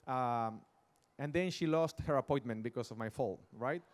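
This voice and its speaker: A man's voice: medium pitch, normal speed. A middle-aged man with a Mexican Spanish accent, giving an earnest personal testimony on stage and acting out the voices in his story. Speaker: speaker. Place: large outdoor event stage.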